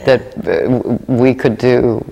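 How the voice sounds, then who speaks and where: Mellow-voiced woman, halting, echoing hall. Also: rumbling low, steady tone, creaky. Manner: hesitant, many fillers and restarts. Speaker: guest actor. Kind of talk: conversational interview.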